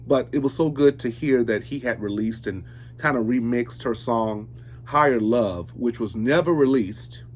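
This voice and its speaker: A man's voice: mid-range voice, moderate pace, slight background noise. A man in his forties chatting casually while unboxing records, rambling and often correcting himself mid-sentence. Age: 40s. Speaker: vinyl collector vlogger.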